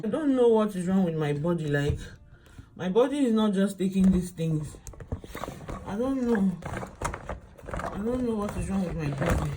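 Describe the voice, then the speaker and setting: Tired in a hospital room as she awaits labor, a pregnant woman vlogs casually to camera, repeating herself in a lowish, dark-toned voice.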